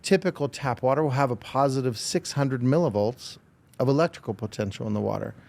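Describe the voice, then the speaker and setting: A man telling an animated story. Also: medium pitch, a little fast, gravelly. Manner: animated, acts out quoted dialogue; explanatory, technical. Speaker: podcast guest. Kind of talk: casual storytelling interview.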